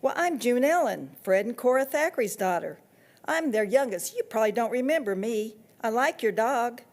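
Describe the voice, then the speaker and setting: A woman's voice: a little high, lively intonation, normal speed, darkish tone, voice pushed up. A woman voicing a curious, nosy ten-year-old girl who speaks eagerly and insistently.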